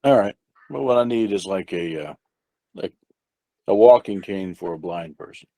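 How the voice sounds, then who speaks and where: A man playing a tabletop game, with a fairly low voice that sounds dry and close. He talks casually, thinking aloud as he lays out his plan. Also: moderate pace, dark tone, no room sound. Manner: thinking aloud, loose planning. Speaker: player.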